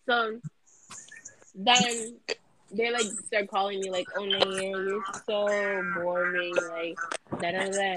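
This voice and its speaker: A woman's voice: medium pitch, background noise. A young woman co-hosting a casual podcast, telling a story in a rambling way, stumbling and repeating her words. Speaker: podcast co-host.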